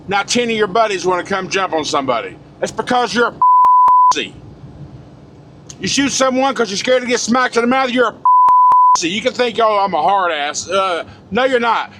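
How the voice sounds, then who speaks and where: Trucker guy in his 40s ranting, cussing a lot, voice up high, loud road noise in the cab. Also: lively intonation, normal speed. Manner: blunt, profane, fired-up. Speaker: truck driver vlogger. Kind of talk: casual ranting monologue.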